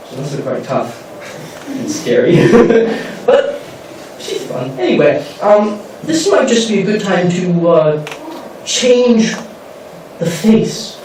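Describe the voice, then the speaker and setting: A man's voice: fairly high pitch, darkish tone. A man performing a live stage comedy show, chatting in a playful, teasing way. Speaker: character performer. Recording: echoey hall from far off, faint noise.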